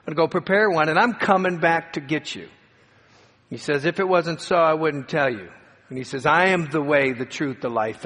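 A male pastor preaching a sermon, slowing down and building to emphatic peaks as he tells stories and reads scripture. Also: fairly high pitch, fairly bright tone, breathy edge. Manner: dramatic preaching with slowed emphatic phrases and rising peaks. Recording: long hall reverb.

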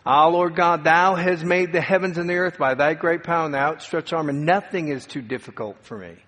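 Male pastor, dramatic sermon delivery, loud cries to soft hush, slightly high voice, long hall reverb. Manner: dramatic preacher, swings from loud cries to hushed tones.

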